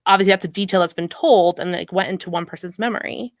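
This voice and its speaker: A woman's voice: lowish voice, fast, no echo. A woman hosting a casual discussion, thinking aloud with frequent restarts and hedges. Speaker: host.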